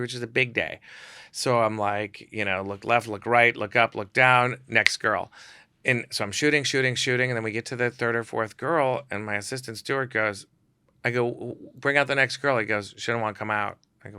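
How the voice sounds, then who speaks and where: A man, a photographer guest on a podcast, telling stories in a casual, animated way and acting out quotes in shifting voices. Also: lowish voice, clear, resonant tone, no room sound. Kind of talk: casual storytelling.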